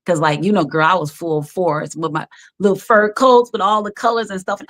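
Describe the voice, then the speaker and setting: Chatty woman with a lowish voice. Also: a little fast. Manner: animated, chatty, laughs often. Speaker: guest, background actor. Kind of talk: casual storytelling chat.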